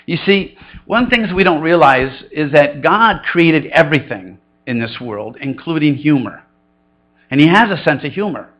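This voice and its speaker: A man's voice: lively intonation, moderate pace, muffled recording. A middle-aged man preaching a conversational sermon, telling funny stories and acting out quoted voices. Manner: storytelling, conversational and humorous; acts out quoted voices with big pitch jumps. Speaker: pastor.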